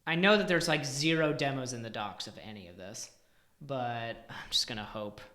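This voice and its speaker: A bright, forceful voice of medium pitch at a moderate pace belongs to a man coding on a live stream. He thinks aloud and mutters in exasperation, sometimes almost whispering. The room gives the recording an echo.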